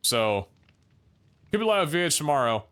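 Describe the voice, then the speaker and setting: A man's voice: on the high side, big pitch swings, normal speed, fairly bright tone, smooth. A young man chatting casually and tiredly on a game stream, rambling, swearing and laughing often. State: tired, yawning.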